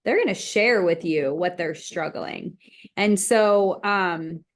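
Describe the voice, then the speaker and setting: A woman co-presenting a casual team training, explaining each step in a steady way. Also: on the low side, takes it slowly. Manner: explanatory, steady, talks through steps.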